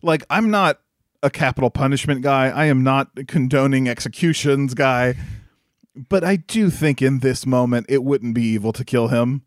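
A man co-hosting a podcast in casual chat, animated and laughing often, with many "like" fillers. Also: medium pitch, moderate pace, no room sound, studio quality. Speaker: podcast co-host.

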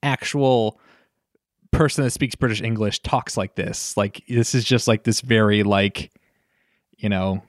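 A man's voice: lowish voice, steady tone, measured pace, no room sound, clean studio sound. A young man co-hosting a casual movie-review podcast, rambling and swearing with many "like" fillers. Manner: rambling, profane, filler-heavy, lots of "like". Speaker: podcast co-host.

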